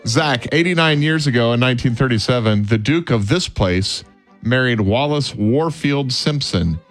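A man's voice: mid-range voice, animated, moderate pace, faint music behind. A man hosting a morning radio show, reading history trivia questions to his co-hosts. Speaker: radio host.

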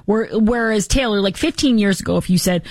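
A woman's voice: mid-range voice, brisk, no room sound. A woman hosting an opinionated political commentary show, sarcastic and mocking, slipping into impressions of the people she criticizes.

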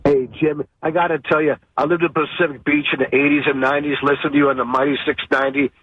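Husky male caller on a dull phone line. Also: on the high side, level tone, fast. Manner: chatty, storytelling. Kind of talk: call-in complaint.

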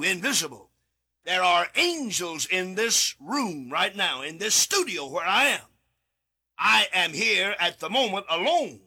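His voice is high and slightly rough as he delivers a sermon by himself in a studio. He reads from scripture, repeating important words and abruptly shouting them for emphasis.

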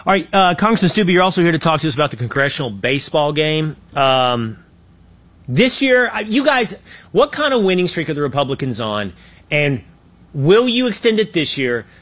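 A man hosting a political talk show, speaking in a lively, swooping voice with a fairly high pitch. He talks in an opinionated, animated way and acts out quotes, with trailing restarts. The studio sound is dry and close. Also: normal speed, no echo.

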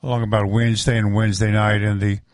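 A man reading the weather forecast on a radio show in a steady, measured way. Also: on the low side, dry recording.

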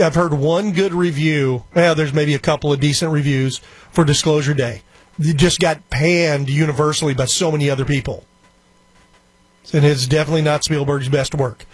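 Male talk radio host, high and slightly husky, rambling and opinionated. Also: no room sound. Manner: rambling, opinionated, quick asides. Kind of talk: casual talk radio monologue.

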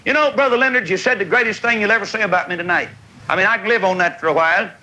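A man's voice: high voice, very fast, bright, forceful tone, rough recording. A man preaching a revival tent sermon in a fiery, folksy, scolding way. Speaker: evangelist preacher. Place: large revival tent with crowd.

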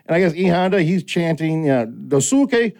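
With a somewhat high voice, a moderate pace and noticeable vocal fry, a middle-aged podcast host leads a casual conversation, telling stories energetically and acting out quoted lines.

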